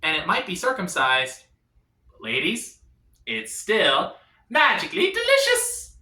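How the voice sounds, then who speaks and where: A man doing an awkward, self-deprecating stand-up comedy set, dropping to quiet punchlines. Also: sits high, wildly swooping pitch, a little slow, echoey room.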